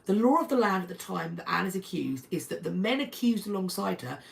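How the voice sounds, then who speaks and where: A woman's voice: on the low side, animated, a little fast, gravelly, low-quality recording. A woman hosts a live stream at home, chatting about history and thanking viewers one by one. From North London, England. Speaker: history channel host.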